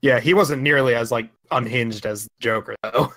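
A man's voice: medium pitch, normal speed, a bit bright, dry recording. A man co-hosting a podcast in casual, jokey chat. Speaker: podcast co-host.

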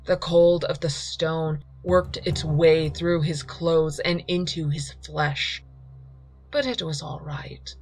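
A woman narrating a horror story in a slow, measured reading. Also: low voice. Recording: reading over faint music.

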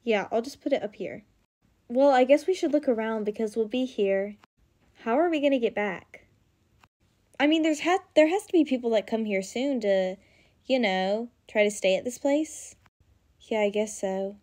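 Young woman, high voice, voicing every role of a dramatic teen cartoon story. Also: moderate pace. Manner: dramatic teen dialogue, excitable. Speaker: voice-over storyteller. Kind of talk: acted cartoon story voicing all roles.

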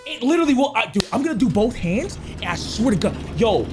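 A young man commentating a horror game, excitable and loud, swearing and yelling at the game, with game music playing behind him. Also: very high voice, fairly quick, background noise. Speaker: gaming streamer.

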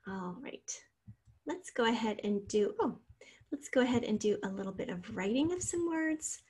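A woman teacher giving a recorded spelling lesson over slides, spelling out letters slowly and patiently. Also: a little high, lively intonation, a little mellow, slightly rough.

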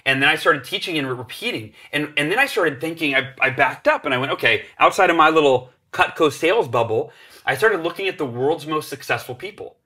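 A man in his forties, a podcast guest telling an animated story and acting out the voices of the people in it. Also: a little high, fairly quick. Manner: acts out voices in his stories, energetic.

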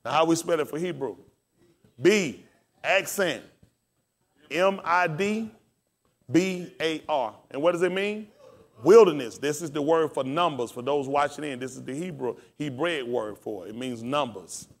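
A man's voice: fairly high pitch, measured pace. Male pastor, preaching in call-and-response and spelling out words. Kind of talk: sermon and scripture teaching.

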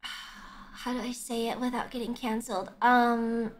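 A young woman livestreamer chatting casually while gaming, rambling and repeating herself, blunt but quick to apologize. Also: fairly high pitch, little pitch movement. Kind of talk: casual game stream chat.

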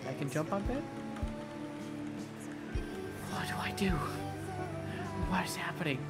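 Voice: medium pitch, expressive, unhurried. A game streamer in casual gameplay commentary, muttering confused questions to themself and rambling about their day. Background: game music.

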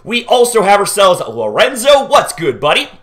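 A man hosting a live-stream reaction, excitable and swearing freely as he greets his chat by name. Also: high-pitched, normal speed.

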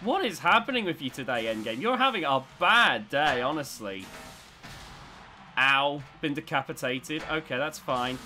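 A man giving excitable commentary as he plays a robot combat video game, swinging between tense muttering and loud cheering. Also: on the high side, normal speed, soft background music. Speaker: gaming YouTuber.

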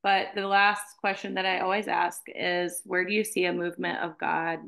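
Gravelly-voiced woman hosting a podcast. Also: on the low side, little pitch movement, fairly bright tone. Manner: supportive, quick affirmations and laughs. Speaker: podcast host. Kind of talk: casual podcast interview.

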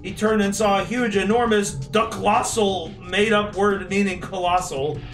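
A man's voice: high-pitched, steady tone, unhurried, loud music behind the voice. A young man on a stream, reading his old school story aloud and laughing at it. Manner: amused, laughing often.

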